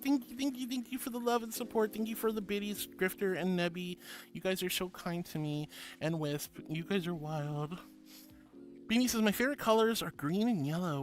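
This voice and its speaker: A woman streamer chatting casually and reading out viewer messages. She is affectionate and bubbly, calls everyone honey and sweetheart, and gasps with delight. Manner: bubbly, with big gasps and swoops in pitch. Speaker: VTuber streamer.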